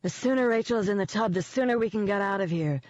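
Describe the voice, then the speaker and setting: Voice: medium pitch, fast talker, a little mellow, no room sound, voice pushed up, close to an everyday voice. A reader voicing a blunt, belligerent woman who gives orders, in an audiobook. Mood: bossy. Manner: belligerent and commanding. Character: protective, blunt woman housemate. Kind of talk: audiobook character voice. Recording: dull, dry lo-fi audio.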